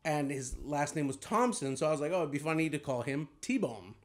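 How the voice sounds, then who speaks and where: A man in his thirties with a notably high voice chats loosely on a comedy podcast. He rambles through stories and laughs often as he goes. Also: animated, a little fast. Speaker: guest comedian. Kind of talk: casual chat.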